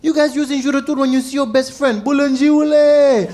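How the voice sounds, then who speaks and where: A man, a stand-up comedian telling stories to a crowd and acting out shouts and quoted voices. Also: very high voice, racing, slight background noise. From Zambia. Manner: animated, acts out shouts and quotes. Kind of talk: stand-up storytelling.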